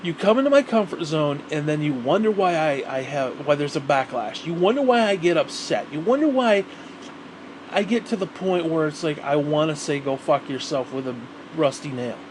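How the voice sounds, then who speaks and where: A man's voice: fairly high pitch, very animated, normal speed, a little hiss or hum. A man ranting to the camera in a rambling, profane monologue, repeating himself as he grows heated. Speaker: vlogger.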